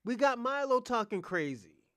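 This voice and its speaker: A young adult man hosting a livestream, delivering a combative, profane rant that swings between loud outbursts and muttered asides. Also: extremely high pitch, very animated, normal speed, smooth, no echo, clean studio sound. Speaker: podcast host.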